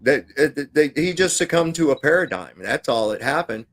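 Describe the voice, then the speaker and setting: A man's voice: fairly high pitch, expressive, a little fast, fairly bright tone. A man talking bluntly and profanely in a casual livestream chat over a video call, with frequent fillers and restarts.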